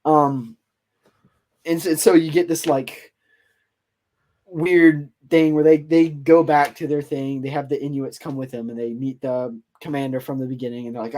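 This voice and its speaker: Male podcast host, a bit high-pitched, easygoing and rambling as he spins a story. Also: little pitch movement, normal speed, darkish tone. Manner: rambling, filler-heavy retelling. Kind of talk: casual storytelling.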